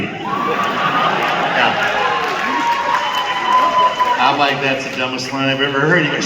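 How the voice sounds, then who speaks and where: An older man telling animated anecdotes at a fan Q&A, slipping into other people's voices and laughing along. His voice sits a bit high. It is picked up from a distance in a large reverberant hall, with background noise. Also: moderate pace, long pauses, crowd noise. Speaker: actor at a fan Q&A. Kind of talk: storytelling Q&A on stage. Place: large theater with audience.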